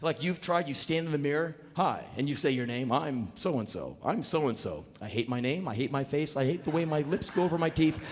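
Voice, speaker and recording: A man performing a live spoken word monologue, telling a story in an intense, animated and profane way, often mocking himself. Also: on the high side, quick pace, hardly any pauses. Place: stage in a large venue. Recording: echoey live hall with faint noise.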